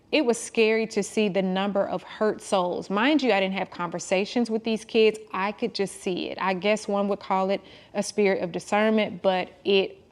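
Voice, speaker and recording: Woman, 40s, casual vlog host, heartfelt, talks straight to viewers, mid-pitched voice. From United States. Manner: heartfelt, addresses viewers as y'all; talks to God and quotes others in lively asides. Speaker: vlogger. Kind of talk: casual personal vlog talk.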